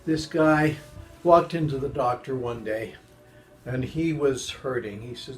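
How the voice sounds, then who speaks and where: An older man telling jokes in a casual, halting way, often restarting his sentences and jumping high in pitch when he voices the people in his jokes. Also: soft background music, low-quality recording. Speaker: joke teller.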